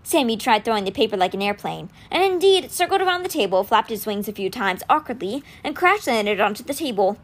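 Expressive woman reading a novel aloud. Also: on the high side, brisk, hardly any pauses. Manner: expressive storytelling. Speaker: audiobook reader.

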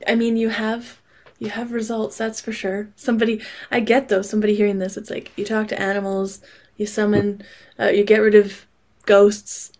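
A woman's voice: medium pitch, completely flat delivery, normal speed, a little mellow. A woman hosting an interview, reacting with interest and asking casual follow-up questions. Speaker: interview host.

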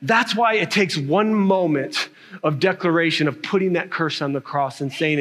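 Animated high-voiced male preacher. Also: normal speed, background noise. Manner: animated, emphatic preaching with frequent "right?" tags. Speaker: pastor. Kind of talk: sermon.

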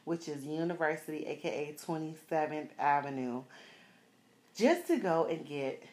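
A woman in her thirties from South Florida, low-voiced and moderately paced, animatedly tells viewers a personal story, laughing often and using lots of slang.

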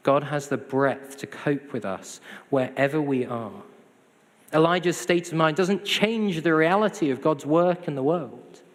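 A man's voice: a little high, animated, measured pace. A man preaching a sermon, conversational with self-deprecating humor. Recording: hall reverb.

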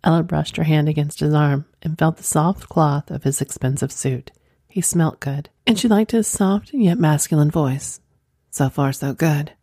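A woman narrates an erotic story in a soft, sensual voice. Her tone is low, dark and mellow. The recording is dry and close, with no room sound. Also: moderate pace, husky, no echo.

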